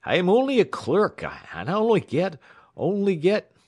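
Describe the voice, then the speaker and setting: A man's voice: fairly low pitch, sing-song, unhurried, no echo, clean studio sound, exaggerated voice. A man voicing a pompous young male railroad clerk who quavers and stammers when frightened.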